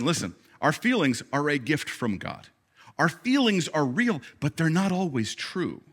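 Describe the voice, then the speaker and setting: A man in his thirties, a pastor preaching a sermon in a conversational way, with halting restarts and acted-out quotes. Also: on the high side, fairly bright tone.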